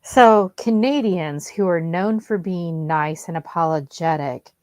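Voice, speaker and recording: A woman's voice: fairly low pitch, measured pace, darkish tone, dry recording, clean studio sound. A woman in a casual chat who teases and speaks dryly.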